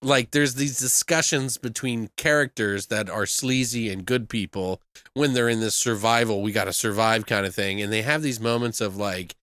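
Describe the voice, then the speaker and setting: A man's voice: lowish voice, normal speed, fairly bright tone, dry recording. A man in casual chat as a podcast host, rambling with lots of fillers and swearing. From United States. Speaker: podcast host reviewing films.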